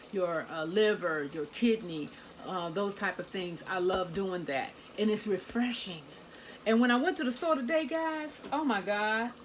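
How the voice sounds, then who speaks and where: In her home kitchen, a woman cooks and talks to her viewers, whom she calls "guys" and "y'all," in a friendly, casual vlog. Her voice is mid-range, and the recording has a slight hiss or hum.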